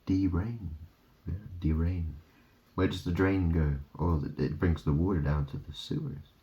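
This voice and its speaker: Brief: low, dark-toned man, slow rambling talk, dull lo-fi recording. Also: steady tone. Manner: rambling, wandering wordplay, trailing off. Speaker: vlogger. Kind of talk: rambling monologue.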